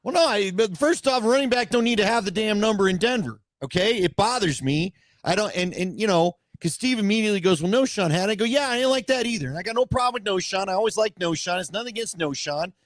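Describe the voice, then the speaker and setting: A man's voice: sits high, expressive, quick pace, hardly any pauses, no room sound. A man co-hosting a casual sports talk show, blunt and opinionated in his rants. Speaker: sports podcast co-host.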